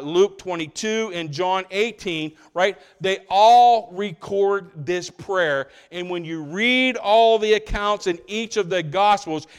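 A man preaches to his congregation in a fairly high-pitched voice. He swings between loud, stressed lines and quiet, low passages. He often stops to ask his listeners rhetorical questions. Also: clear, resonant tone. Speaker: pastor. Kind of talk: sermon.

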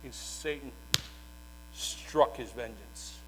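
A male preacher delivering a sermon as dramatic storytelling, moving between hushed, slow passages and shouted proclamations. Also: medium pitch, heavy background noise.

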